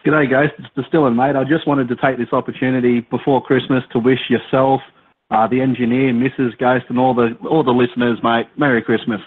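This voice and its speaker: A man's voice: medium pitch, level tone, a little fast, slight background noise. A man calling a radio show to leave a friendly holiday greeting. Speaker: caller. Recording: tinny phone voicemail.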